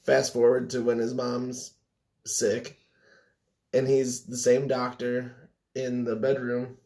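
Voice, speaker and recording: A man co-hosts a relaxed podcast conversation. He talks in an easygoing, chatty way and pads his points with fillers. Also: medium pitch, takes it slowly. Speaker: podcast co-host. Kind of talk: casual chat.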